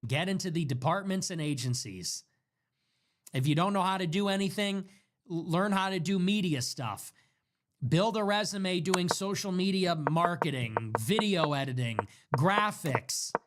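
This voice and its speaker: A man's voice: on the high side, slight background noise. A man delivering an impassioned monologue to his viewers, hammering home repeated, emphatic commands. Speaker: online political commentator.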